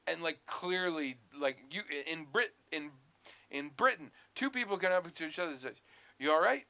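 A man chatting on a podcast with a bright, forceful voice. He rants in an animated, profane way and swings into mock outrage as he tells a story. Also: on the high side, moderate pace. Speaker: podcast co-host. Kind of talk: casual chat.

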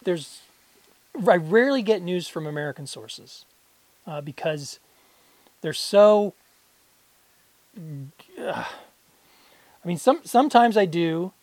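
A woman's voice: fairly low pitch, lively intonation, slow, pauses often, darkish tone, no room sound. Podcast co-host, woman, loose rambling delivery, dead-dry mic. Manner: rambling, frequent restarts and laughs. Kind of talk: casual chat.

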